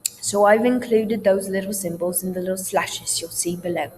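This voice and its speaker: A woman's voice: medium pitch, normal speed, darkish tone. A woman theatre teacher giving a recorded dialect lesson, explaining sounds in a patient, reassuring way. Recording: long hall reverb, faint hum.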